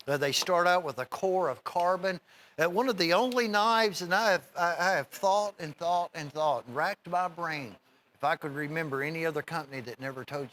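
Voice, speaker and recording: A middle-aged man hosting a TV shopping show, giving a folksy, rambling sales pitch straight to viewers. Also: pushed and bright. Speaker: TV shopping host.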